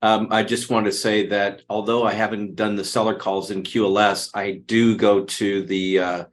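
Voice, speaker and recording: A man's voice: on the low side, flat delivery, moderate pace, a little hiss or hum. A man in a group coaching call, blunt and matter-of-fact as he shares his view over a video call. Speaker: coaching student.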